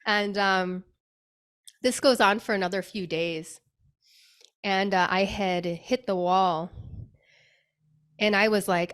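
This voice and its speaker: A woman's voice: lowish voice, steady tone, a little slow, long pauses, clear, resonant tone. A woman being interviewed on a podcast as a spirit medium, telling a personal story in a chatty way, often saying "like" and acting out her own past words.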